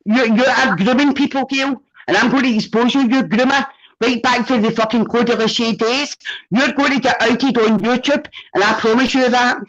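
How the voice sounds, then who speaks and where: A woman's voice: on the high side, steady tone, normal speed. Taunting Scottish woman, dull audio. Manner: taunting, mocking, sweary. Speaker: livestreamer. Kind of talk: heated livestream argument.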